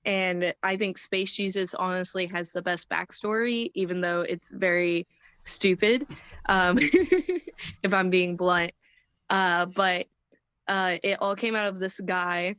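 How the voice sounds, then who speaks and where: A woman's voice: fairly low pitch, slow pace, a bit bright, clean tone, dry recording. Chatty laughing young woman, dry sound. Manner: chatty, laughs often, acts out quotes. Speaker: wrestler interview guest. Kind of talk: casual storytelling interview.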